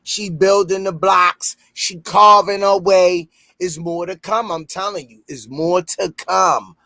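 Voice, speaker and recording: A man with a Baltimore accent hosting a casual podcast and reading sponsor shout-outs, loud and playful, breaking into high shouts when he jokes. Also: slow pace, no room sound. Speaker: podcast host.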